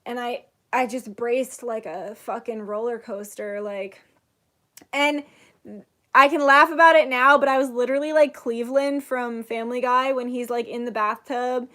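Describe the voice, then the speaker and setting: Young woman, high voice, casual storyteller who curses a lot and acts out quotes. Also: moderate pace. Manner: animated, swears freely, acts out quotes. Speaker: channel host, psychic reader.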